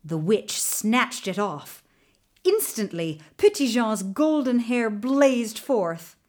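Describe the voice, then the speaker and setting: A woman reading a fairy tale aloud in an expressive, dramatic storyteller manner. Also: on the high side, takes it slowly.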